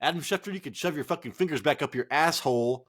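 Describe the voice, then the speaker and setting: A man's voice: fairly high pitch, fast, a bit bright. A man co-hosting a casual fantasy football podcast, a bit tipsy from drinking, joking, swearing and rambling. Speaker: podcast co-host.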